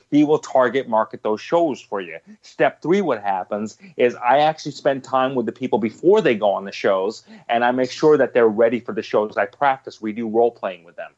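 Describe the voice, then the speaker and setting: A man's voice: mid-range voice, normal speed, hardly any pauses, a little mellow, dull audio. A man answering interview questions about his business, emphatic and repetitive, often restarting his sentences. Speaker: guest, business owner.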